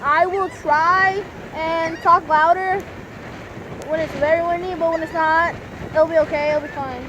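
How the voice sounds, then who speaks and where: A teenage girl vlogging casually at a beach, excitable and calling out to people nearby, filmed on a handheld phone camera. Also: extremely high pitch, measured pace. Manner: excitable, shouts at others. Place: windy beach outdoors. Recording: loud wind noise on phone mic.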